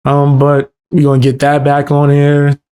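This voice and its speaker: A man's voice: on the high side, monotone, moderate pace, mellow, clean tone. A man from the Bronx with a New York accent, telling loose, profane stories in casual chat on a live stream. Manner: loose, profane storytelling with street slang.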